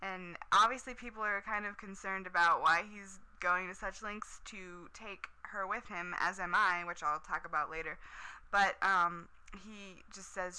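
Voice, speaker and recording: A woman's voice: mid-range voice, steady tone, unhurried, bright, forceful tone, clean tone, rough recording. A woman casually recapping a TV episode, chatty and enthusiastic, with lots of "um" and "like".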